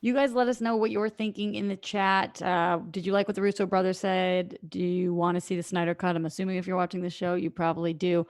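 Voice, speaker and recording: A woman's voice: fairly low pitch, level tone, a little fast, hardly any pauses. A woman hosting a live-streamed show who rallies the chat and moves the program along in an upbeat way. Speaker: host.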